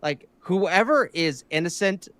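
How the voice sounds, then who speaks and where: A man giving his opinions in casual talk, stumbling over and repeating his words and often clearing his throat. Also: sits high, animated, measured pace, a bit bright, dry recording.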